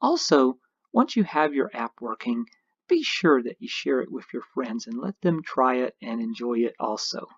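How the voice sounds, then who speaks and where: A man's voice: medium pitch, very animated, moderate pace, slightly rough, no room sound, muffled recording. A man narrating a screencast tutorial, explaining each step patiently as an instructor.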